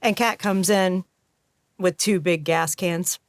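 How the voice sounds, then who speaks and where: A woman's voice: fairly low pitch, fairly even intonation, slow pace, no echo, clean studio sound. A woman playing a tabletop role-playing game, describing her character's actions bluntly and with swearing. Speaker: player. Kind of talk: casual tabletop play.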